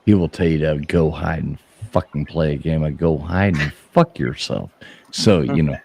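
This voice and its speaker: A man's voice: a bass voice, normal speed, creaky, a little mellow, a little hiss or hum. A man co-hosting a casual talk show who jokes around, swears freely and laughs often. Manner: joking, laughs often, profane. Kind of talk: casual chat.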